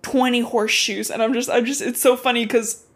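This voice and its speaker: A young woman co-hosting a podcast, casually recapping a book as an animated storyteller who swears and uses lots of fillers. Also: on the high side, a little fast. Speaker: podcast co-host.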